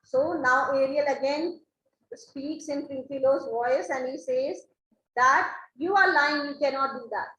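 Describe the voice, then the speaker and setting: A woman's voice: high-pitched, a little slow, pushed and bright, a little hiss or hum. A woman teaching literature who reads a play aloud and explains each line in plain words, often checking in with "right?". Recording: echoey room, dull lo-fi sound.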